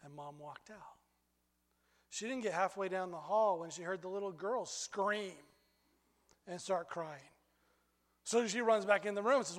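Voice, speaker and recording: A man preaching a sermon as pastor, telling stories in an animated way that climbs high when he gets excited. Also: moderate pace, long pauses, long reverb tail.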